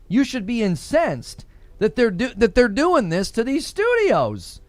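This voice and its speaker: A man's voice: very high-pitched, wildly swooping pitch, unhurried, no room sound, faint music behind. A man hosting a gaming commentary livestream, ranting in an indignant, combative way. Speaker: livestream host.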